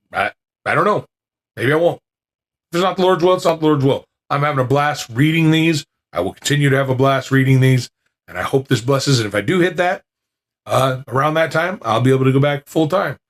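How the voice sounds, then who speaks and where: Rambling man at a podcast mic. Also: mid-range voice. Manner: rambling, with many fillers and restarts. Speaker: podcast host. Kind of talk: casual chat to listeners. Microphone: podcasting mic with noise reduction.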